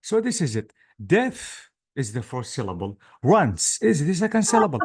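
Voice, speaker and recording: A man's voice: fairly high pitch, very animated, quick pace, a little mellow, husky. A male English teacher giving an online class lecture, patiently drilling words syllable by syllable.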